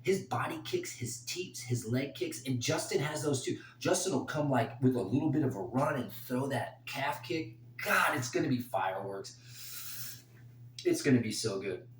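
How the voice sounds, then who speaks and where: A man giving his fight picks in a casual, rambling solo talk that turns emotional and excited. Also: medium pitch, moderate pace, echoey room, slight background noise. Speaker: host making fight picks.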